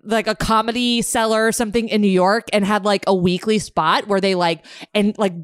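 A woman's voice: medium pitch, fairly even intonation, fairly quick, clear, resonant tone, no room sound, clean studio sound. A woman chatting casually as a podcast co-host, full of fillers and restarts and laughing as she tells a story. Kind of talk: casual chat.

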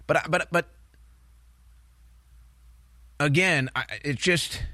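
Man, talk show host, heated political rant, repeats himself, forceful tone, higher pitch. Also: no room sound, clean studio sound. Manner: emphatic, ranting, repeats phrases and restarts.

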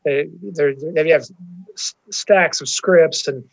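A man hosting an interview, asking his questions haltingly and repeating words as he goes. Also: on the high side, creaky, rough recording. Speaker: podcast host.

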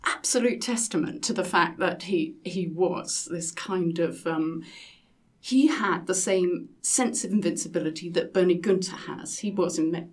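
A woman speaking thoughtfully as a guest in a book discussion, filling pauses with frequent ums. Her voice sits on the low side and stays measured throughout.

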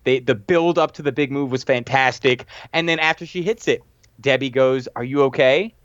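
Excited man, dull dry recording. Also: medium pitch, moderate pace, no echo. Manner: enthusiastic, rambling with restarts. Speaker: podcast co-host. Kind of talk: casual chat recapping a TV episode.

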